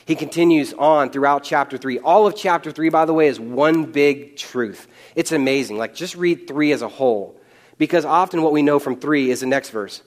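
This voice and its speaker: A man's voice: a little high, moderate pace. A young man preaching a sermon, conversational, with joking asides. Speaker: pastor.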